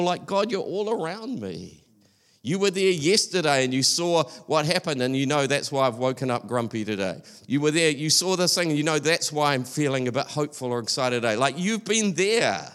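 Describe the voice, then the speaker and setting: A man's voice: a little high, animated, moderate pace, fairly bright tone. A male preacher giving an earnest, conversational sermon, often restarting his sentences.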